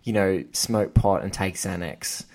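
A man's voice: low-pitched, steady tone, a little slow, darkish tone. A man hosting a podcast, talking through a film scene with enthusiasm in casual chat and quoting its dialogue. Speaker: podcast host.

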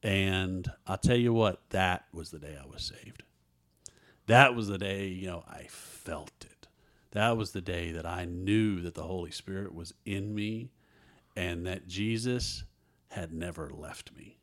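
A man with a twang, speaking lower than most, tells his own story as an interview guest. He is earnest and vivid, and he slips into the voices of the people in the tale. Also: measured pace, a bit bright. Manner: earnest storyteller who acts out others' dialogue. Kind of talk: telling a personal story.

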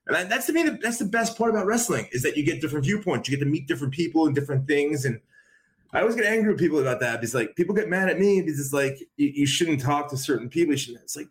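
A man talking casually as a podcast guest, rambling with many repeated fillers and restarts. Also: fairly high pitch. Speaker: podcast guest, wrestling commentator. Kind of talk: casual conversation.

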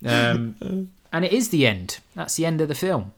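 A man's voice: a little high, big pitch swings, moderate pace. A man co-hosting a podcast, recapping a film in casual chat with dry sarcasm, swearing and laughing as he goes. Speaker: podcast co-host.

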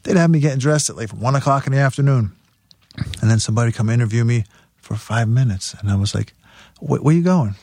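A man's voice: medium pitch, quick pace, a little mellow, dry recording, studio quality. A man, a guest musician, telling wild road stories in casual chat, swearing freely and laughing as he goes. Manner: profane, laughing as he tells stories. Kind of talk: casual storytelling.

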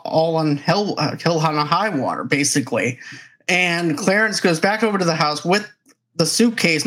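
A man hosting a casual film podcast, recapping the plot at length in a relaxed way with a few stumbles. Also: a little high. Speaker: podcast host.

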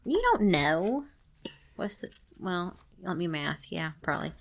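A woman's voice: lowish voice, very animated, a little slow, gravelly. A middle-aged woman co-hosting a casual chat and reading a story aloud, teasing and laughing often.

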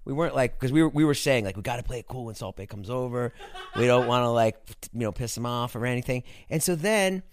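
A man telling a story in casual chat, animated and swearing, acting out what people said. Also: mid-range voice, quick pace, a little hiss or hum. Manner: animated, swearing, acts out quotes.

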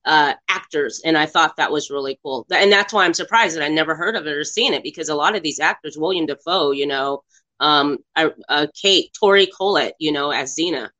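A speaker with a bright, forward tone chats about a film on a podcast. They ramble with lots of "um" and "you know", and they sound upbeat and keen throughout. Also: medium pitch, brisk. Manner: rambling, many fillers, enthusiastic. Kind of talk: casual film discussion.

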